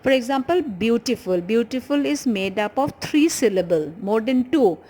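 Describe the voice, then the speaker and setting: A woman teaching an English grammar lesson with an Indian English accent, explaining patiently and slowly repeating key words. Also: on the high side, expressive, warm tone, slight background noise, poor audio.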